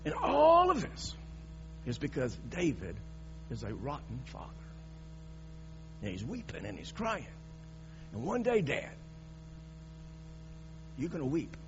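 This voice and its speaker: A male preacher delivers his sermon with emphatic, dramatic force, often stumbling and restarting mid-sentence. His voice sits a bit high for a man. The recording is dull and muffled, with a faint mains hum underneath. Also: wildly swooping pitch, measured pace, long pauses.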